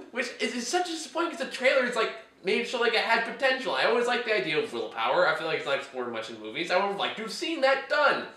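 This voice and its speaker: A man's voice: very high voice, big pitch swings, fast talker, pushed and bright, roomy sound. A man hosting a casual chat about bad movies, ranting in an exasperated way and laughing often. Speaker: host reviewing movies.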